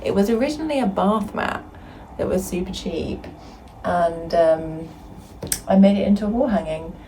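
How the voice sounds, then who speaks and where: Chatty young woman, low gravelly voice. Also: moderate pace, warm tone, a little hiss or hum, poor audio. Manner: chatty and rambling, with hesitant restarts. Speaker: vlogger. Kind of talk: casual to-camera chat. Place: indoors, sitting on a home staircase.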